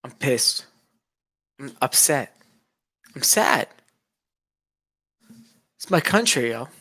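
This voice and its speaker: A man's voice: mid-range voice, sing-song, slow, sharp tone, husky. An agitated young man rants straight to camera in a loose monologue. He circles back over the same points again and again, and a mocking tone keeps slipping in. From United States. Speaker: vlogger. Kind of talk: casual ranting monologue.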